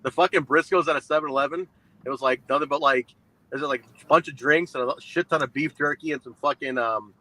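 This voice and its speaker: A man co-hosting a casual podcast, talking excitably and swearing freely. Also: on the high side, quick pace, low-quality recording. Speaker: podcast co-host. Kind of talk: casual chat.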